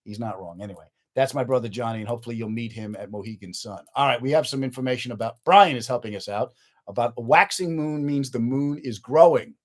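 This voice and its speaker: On a laid-back live-stream episode of his own podcast, a middle-aged comedian talks quickly in a mid-range voice. He banters with viewers and tells jokey stories with lots of animation.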